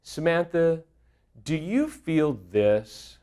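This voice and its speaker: A man voicing a calm, firm male therapist in measured, gently authoritative tones as he quotes him in a story. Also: a little high, voice pushed up, heavily acted. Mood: firm, gentle.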